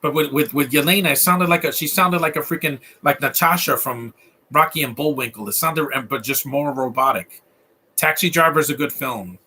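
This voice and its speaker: Hosting a casual live stream, a Latino-accented man comments on films as they play, talking a little fast in a fairly high, bright, slightly husky voice. He rambles, keeps restarting sentences, and gets heated about bad accents.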